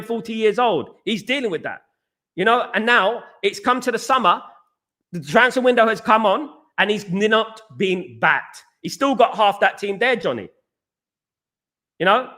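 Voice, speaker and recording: A man's voice: high-pitched, sharp tone. A young English man hosting a fan livestream, arguing heatedly with chat commenters and calling them mate. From England. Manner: heated, argues with chatters, calls them mate. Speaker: fan channel host reading live chat. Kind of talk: livestream fan talk show.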